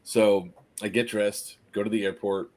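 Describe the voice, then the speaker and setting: A man casually telling a long story on a podcast as its host, animated and often laughing. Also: lowish voice, measured pace. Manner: animated anecdote teller, laughs through his story.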